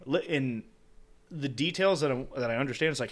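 Bright-voiced, profane young man ranting. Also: mid-range voice, brisk. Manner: profane, animated rants. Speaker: podcast co-host. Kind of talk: casual chat.

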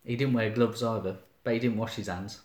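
A man's voice: lowish voice, fairly even intonation, brisk, darkish tone, roomy sound. A man in casual chat, with wry, laid-back banter.

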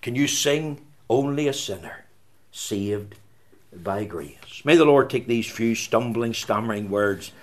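A man preaches a fervent evangelistic sermon, climbing to loud declarations and then falling to hushed, whispered scripture quotes. His voice is fairly low, expressive, and slow.

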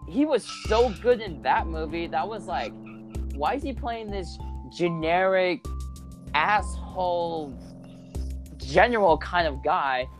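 A speaker gives blunt, exasperated movie opinions in loose casual chat. The voice is mid-pitched, and clear music plays behind it throughout. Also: expressive, slow. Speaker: movie reviewer.

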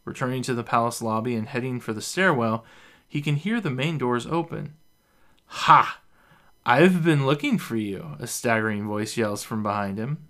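A man's voice: medium pitch, a little fast. Man reading a fantasy story. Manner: steady, even storytelling. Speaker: narrator.

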